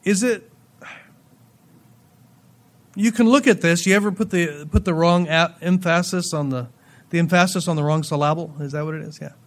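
A man with a high voice preaching to his congregation. He reads scripture aloud, then breaks into playful asides, and swings between loud emphasis and quiet, dropped endings. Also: normal speed, pauses often. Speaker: pastor. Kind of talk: sermon.

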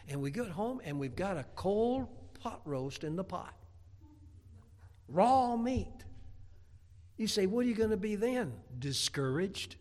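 Folksy high-voiced preacher. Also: male voice, very animated, measured pace, darkish tone. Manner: folksy, humorous storytelling with rising emphatic bursts; stammers repeated words. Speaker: pastor. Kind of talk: sermon.

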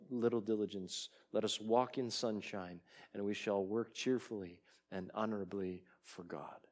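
A man preaching a sermon in a deliberate way, reading scripture and quotations aloud and rising in force on key lines. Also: lowish voice, steady tone. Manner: slow, deliberate preaching that swells louder on quoted lines. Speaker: pastor.

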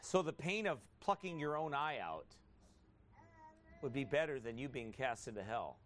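A man preaching a sermon as a pastor. He asks the congregation rhetorical questions, builds into loud emphatic passages and reads scripture in a slow, drawn-out cadence. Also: medium pitch, very animated.

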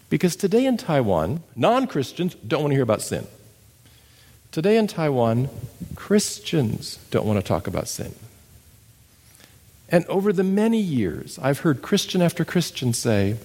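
A man preaching a sermon, emphatic and animated, telling stories and demonstrating. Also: fairly high pitch, measured pace, long pauses, in a large hall. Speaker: missionary preacher. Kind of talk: sermon with storytelling.

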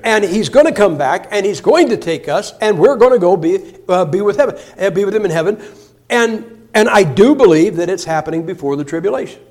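Male guest preacher, high-pitched, folksy and jokey, swings from loud emphasis to quiet asides. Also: animated, a little fast. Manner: folksy, joking storyteller with many restarts; shifts between loud emphasis and soft, low asides. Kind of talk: sermon.

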